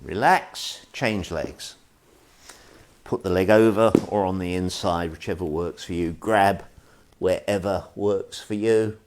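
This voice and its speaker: A man leading an online tai chi stretching class, calm and gentle with wry asides. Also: low-pitched, slow. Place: indoors at home, live stream.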